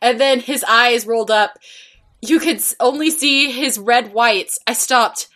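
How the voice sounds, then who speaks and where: A woman's voice: a little high, a little slow, bright, forceful tone. A woman co-hosting a podcast, reading a text aloud for comedy with wry asides. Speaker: podcast co-host.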